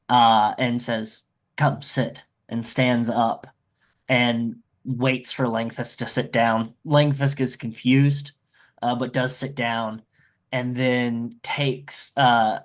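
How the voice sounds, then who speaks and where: A man narrating a scene in a tabletop game, halting with fillers. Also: medium pitch. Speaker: player narrating his scene.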